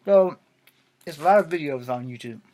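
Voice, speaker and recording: A man's voice: fairly high pitch, lively intonation, moderate pace, a little mellow. A middle-aged man talks late at night, tired and blunt. His rant rambles and he swears freely, holding a plain, casual manner as he speaks to the camera. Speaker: vlogger.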